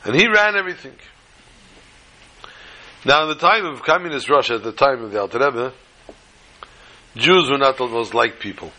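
A man's voice: mid-range voice, animated, moderate pace, pauses often, bright, forceful tone. A man giving a storytelling talk to a small gathering, folksy and fond of joking asides.

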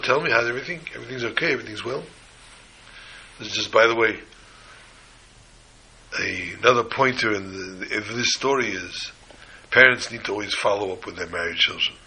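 Gravelly, bright-toned man preaching. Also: fairly quick, pauses often, low-quality recording. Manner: animated storytelling, voices the characters with rising pitch. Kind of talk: Torah sermon with a story.

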